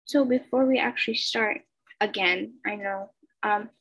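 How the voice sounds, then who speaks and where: A woman's voice: mid-range voice, steady tone, measured pace, a bit bright, breathy edge, poor audio. A young woman, likely a teenager, reading a fan story aloud in a casual, hesitant way with stumbles and fillers, recorded on a laptop over a video call at home. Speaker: fan fiction reader. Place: bedroom at home.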